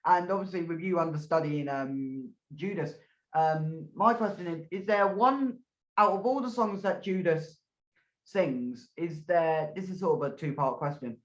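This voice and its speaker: Jokey podcast host in an echoey room. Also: male voice, on the high side, unhurried, highs cut off. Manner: jokey, riffs on the guest's story, laughs often. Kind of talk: casual interview chat.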